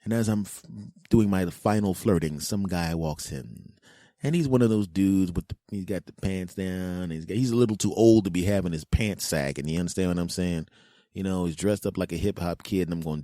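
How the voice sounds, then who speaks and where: A man hosting a podcast, telling a comic story in an animated, self-mocking way and acting out voices. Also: low-pitched, a little fast, no room sound, clean studio sound. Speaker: podcast host. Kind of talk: comedic storytelling monologue.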